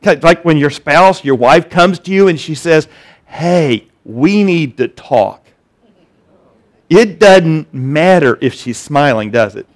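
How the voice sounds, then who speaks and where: A man preaching a sermon, animated and conversational, acting out the voices in the story and often restarting his sentences. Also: fairly high pitch, a little slow, few pauses. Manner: animated, acts out scripture voices, many restarts. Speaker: pastor.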